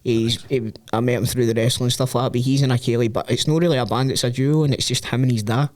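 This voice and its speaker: A man with a Scottish accent, co-hosting a podcast in a studio, chatty and quick to agree, with the odd swear. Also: medium pitch, fairly even intonation. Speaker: podcast co-host. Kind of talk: casual chat.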